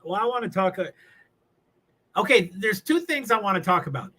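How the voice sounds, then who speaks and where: Bright, chatty New man. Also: high-pitched, animated, fast. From New England. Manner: rambling, self-interrupting, chuckling often. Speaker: live streamer. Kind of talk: casual live-stream chatter while watching a race.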